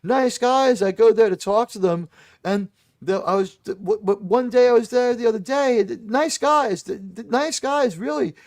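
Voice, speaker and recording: Rambling New York man, fairly high voice. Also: normal speed, darkish tone, dry recording, clean studio sound. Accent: New York, slightly Boston-tinged. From New York City. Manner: rambling and effusive, many fillers and restarts. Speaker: host of a live watch-party panel stream. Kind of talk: casual live-stream chat.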